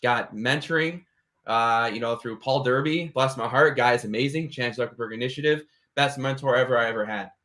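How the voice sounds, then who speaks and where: A young man talks on an online panel in a casual, heartfelt way. His voice sits in an ordinary middle pitch. He keeps checking in with "right?" and "you know". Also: brisk, a bit bright. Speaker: panel speaker. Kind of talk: motivational panel talk. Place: online video call.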